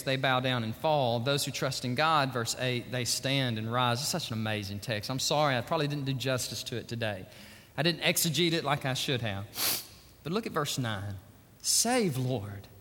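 A male pastor delivers a sermon in a high, bright voice. His pitch swings widely as he builds toward near-shouts. The sound carries the long reverb of a large church hall. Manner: animated preaching, rising to near-shouts.

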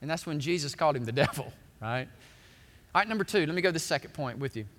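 A man's voice: on the high side, lively intonation, fast. Man, pastor, dynamic sermon delivery, long hall reverb. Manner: dynamic preaching, swelling loud then dropping quiet.

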